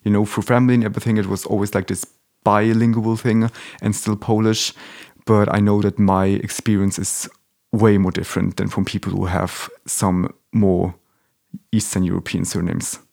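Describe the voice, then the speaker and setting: A man's voice: fairly low pitch, flat delivery, moderate pace, creaky, a little mellow. A young man born in Germany, talking as an interview guest in a casual, hesitant way, often restarting and searching for words.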